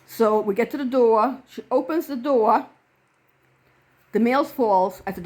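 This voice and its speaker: A woman's voice: a little high, a little slow, long pauses. A woman reverend telling a personal story to camera in an earnest way, acting out the quoted dialogue.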